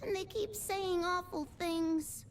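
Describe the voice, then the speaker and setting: A woman voicing a small, gentle doll boy companion, speaking softly and encouragingly while reading game dialogue. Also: steady tone, slow pace, a little hiss or hum. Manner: soft, high and encouraging.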